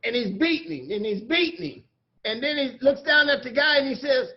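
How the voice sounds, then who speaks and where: A man's voice: very high voice, fairly quick, lo-fi sound. A man giving a guest talk at a recovery meeting, telling jokes and stories in a folksy, earnest way over a video call. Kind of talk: storytelling talk.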